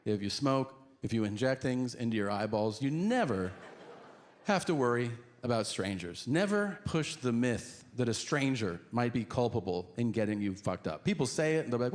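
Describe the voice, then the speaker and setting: A man doing stand-up, telling a profane story in an animated way with sudden shouts. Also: mid-range voice. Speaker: stand-up comedian. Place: comedy club stage before a laughing audience. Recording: live audience laughter and crowd noise.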